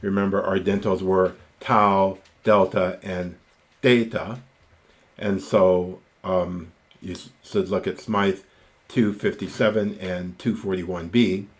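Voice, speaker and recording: Man, Greek teacher, lecture, slow deliberate delivery, fairly low voice. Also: fairly even intonation. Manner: slow, deliberate, spelling out word forms; enthusiastic aside about grammar rules. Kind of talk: recorded lecture.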